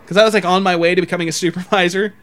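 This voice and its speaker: High-voiced man telling profane stories. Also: rapid-fire. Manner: profane, animated, acts out the people in his stories. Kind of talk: casual storytelling chat.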